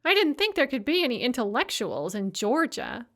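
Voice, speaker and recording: A woman's voice: on the high side, wildly swooping pitch, normal speed, a bit bright, voice pushed up, full character voice. A woman narrator voicing a supercilious, self-absorbed young woman activist who whines and talks down to others. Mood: scornful. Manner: condescending, complaining.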